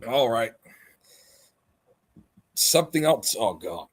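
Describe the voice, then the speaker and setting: A man's voice: medium pitch, very animated, takes it slowly, slight background noise. A man hosting a livestream, chatting casually and mocking others as he rambles. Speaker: livestream host. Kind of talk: casual chat.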